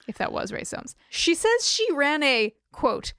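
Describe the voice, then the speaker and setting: A woman's voice: sits high, very animated, measured pace, hardly any pauses, a bit bright, no room sound. A woman co-hosting a rewatch podcast, recapping the episode with a wry, dry humor. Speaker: podcast co-host. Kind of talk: casual episode recap chat.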